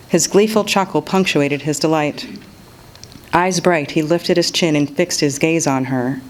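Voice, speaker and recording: A woman's voice: sits low, unhurried, low-quality recording. Woman reading her fiction aloud. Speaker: author reading her work. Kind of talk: reading a novel excerpt aloud.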